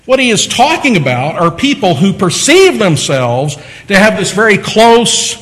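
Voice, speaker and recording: A man preaching a sermon, teaching with lively emphasis and repeating phrases to drive points home. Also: high voice, a little slow, in a large hall, poor audio. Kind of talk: sermon lecture.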